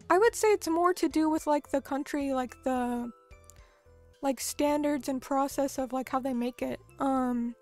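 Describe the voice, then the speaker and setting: A young American woman streamer chatting casually with her viewers, talking loosely with lots of fillers as she reads and answers chat. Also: high voice. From United States.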